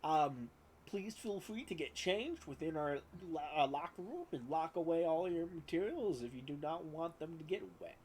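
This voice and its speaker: A man's voice: fairly high pitch, expressive, moderate pace, a little mellow, slight background noise, close to an everyday voice. A man doing a polite bathhouse attendant. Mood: courteous. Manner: courteous, service-like.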